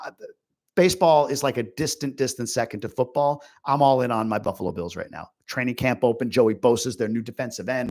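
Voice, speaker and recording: Chatty, rambling man hosting a Q&A. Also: mid-range voice. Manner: chatty and rambling, many fillers and asides. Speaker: host. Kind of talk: casual livestream Q&A.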